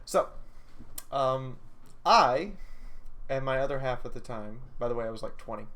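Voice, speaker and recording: Animated woman telling a stream story. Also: a bass voice, normal speed. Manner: animated, stammers and repeats words, laughs often. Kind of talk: casual storytelling on a live stream.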